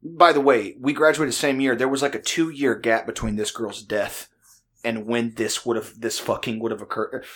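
A young adult man telling a crude, animated comic story in a casual way, often breaking into laughter. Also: mid-range voice, moderate pace.

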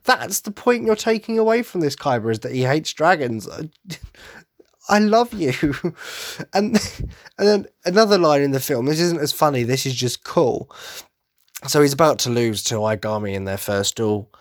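A young man hosting a solo podcast gushes about something as an enthusiastic fan, dropping quick asides in a casual monologue. His voice is medium-pitched with lively intonation. The sound is clean studio audio with no echo.

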